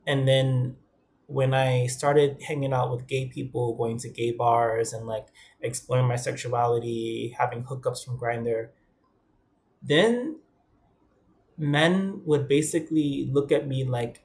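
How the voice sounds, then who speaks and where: Talking earnestly to his camera, a young Bronx vlogger with a gravelly voice shares candid personal stories, quoting others' dialogue along the way. He speaks slowly and conversationally in a mid-range, fairly even voice with a slightly mellow quality.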